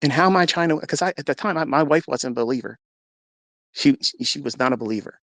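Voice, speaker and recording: A man earnestly telling a personal faith story in a live audio room, his telling animated and emotional. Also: mid-range voice, fast, dry recording. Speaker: speaker sharing a faith testimony. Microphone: phone in a live audio room.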